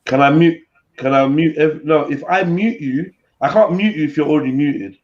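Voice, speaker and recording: A man's voice: a little high, normal speed. A man hosting a live stream, chatting casually with laid-back, slangy banter. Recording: slightly dull lo-fi stream audio.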